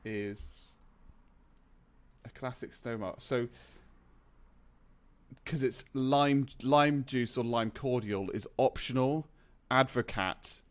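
A man's voice: medium pitch, takes it slowly, pauses often, no echo. A man co-hosting a podcast, chatting casually, laughing easily and often restarting his sentences. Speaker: podcast co-host. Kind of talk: casual chat.

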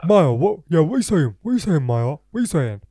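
Woman doing a pushy drunk lad, loud, insistent, dry close mic. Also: sits low, sing-song, moderate pace, husky, dry recording, voice pushed up, heavily acted. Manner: pushy, repeats "yeah?" and name. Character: drunk loud young man on the phone.

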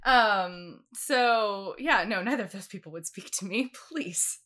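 A woman in her twenties co-hosting a podcast, telling animated stories in casual chat and laughing often. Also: medium pitch, a little slow. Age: 20s. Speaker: podcast co-host.

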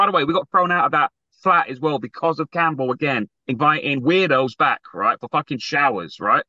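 A man telling a story with plenty of energy, putting on voices for everyone he quotes and swearing as he goes. His voice sounds bright and a little raised, with a dry, dull quality like a call recording. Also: a little high, brisk, few pauses, dry recording. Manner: animated storyteller, acts out quotes, swears freely. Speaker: podcast co-host telling a story. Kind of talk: casual storytelling chat.

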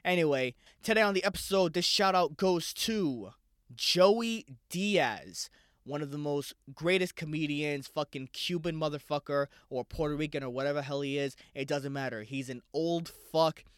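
A man's voice: fairly high pitch, moderate pace, a bit bright, clean tone, no echo, studio quality. A man hosting a casual solo podcast, rambling loosely and swearing freely. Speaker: podcast host.

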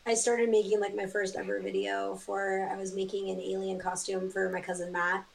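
A woman chatting as a podcast guest, telling animated stories and swearing freely. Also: mid-range voice, normal speed, gravelly, a little hiss or hum, low-quality recording. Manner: animated storyteller, swears often. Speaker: guest artist. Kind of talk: casual chat.

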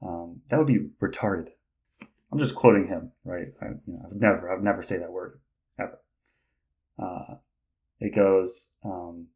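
A man hosting a podcast in casual chat, rambling and hesitant with lots of fillers and restarts, laughing often and getting excited. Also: on the low side, unhurried, pauses often, rough recording. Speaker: podcast host.

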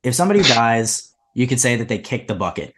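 A young man co-hosting a comedy podcast, telling made-up stories in a deadpan, casual way. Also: mid-range voice, quick pace. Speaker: podcast co-host.

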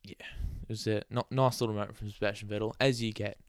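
A man's voice: lowish voice, steady tone, fast, smooth, dry recording, studio quality. A man hosting a casual solo podcast, rambling and chatty, with sarcastic asides and laughs at his own jokes. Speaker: podcast host.

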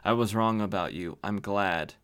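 A man's voice: fairly low pitch, moderate pace, fairly bright tone, clear, resonant tone. A man reading as a dying, regretful father. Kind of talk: reading comic dialogue aloud.

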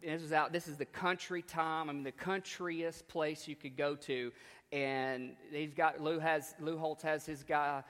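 A man's voice: on the high side, fairly even intonation, unhurried, a bit bright. A man preaching a sermon in a conversational, emphatic way, repeating his key lines. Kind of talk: storytelling sermon. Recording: long hall reverb.

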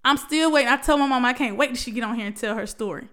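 Woman vlogger, high voice, emotional preachy pep talk, calls her listeners baby. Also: racing, fairly bright tone. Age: adult, past college. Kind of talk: heartfelt motivational talk to camera.

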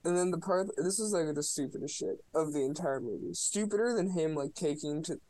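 A man's voice: on the high side, brisk, mellow, no echo, low-quality recording. Sarcastic, profane man ranting about a movie. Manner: sarcastic, profane, mocking retelling. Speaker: podcast co-host. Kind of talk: casual movie review chat.

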